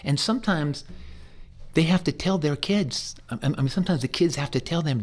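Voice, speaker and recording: A man's voice: on the high side, moderate pace. A man who works as a hospice chaplain, telling stories in an interview in an earnest way, often stumbling and repeating his words. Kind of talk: conversational interview storytelling.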